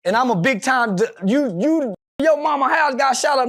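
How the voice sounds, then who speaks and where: A man's voice: very high voice, animated, moderate pace, fairly bright tone. A man, talking brashly and profanely as an interview guest, rambling from point to point. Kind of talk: casual interview talk.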